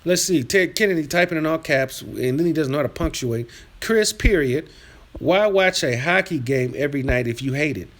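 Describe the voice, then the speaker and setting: A man hosting a live stream, reading chat aloud and trash-talking viewers in a combative, rambling rant that drops to mutters and rises to yelling. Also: animated, moderate pace. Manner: swings from low muttering to loud yelling. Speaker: livestream host reading chat.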